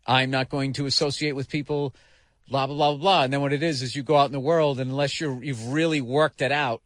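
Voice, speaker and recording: Profane storytelling man, bright dry voice. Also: medium pitch, fast talker, no room sound. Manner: profane storyteller, animated bursts of shouting impressions. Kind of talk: casual radio talk show chat.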